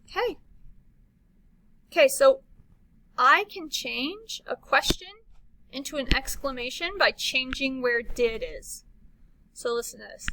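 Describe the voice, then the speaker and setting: Bright, high-voiced woman teacher. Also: slight background noise, poor audio. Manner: slow, clearly modeled reading with lively exclamations. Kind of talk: slow read-along phonics lesson.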